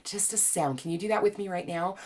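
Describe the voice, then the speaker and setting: A woman teaching a well-being class, gently and playfully guiding listeners through calming exercises with easy laughs. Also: lowish voice, a little fast. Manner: playful, chatty, laughs easily. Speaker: wellness teacher and author.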